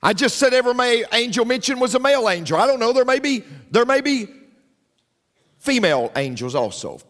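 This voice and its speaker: A man preaches from the pulpit in a high, swooping voice, hammering home his points through repetition and turning often to the congregation with asides. The room carries a long reverberant tail, as in a large sanctuary. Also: sing-song, fairly quick, a bit bright. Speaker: pastor. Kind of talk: sermon.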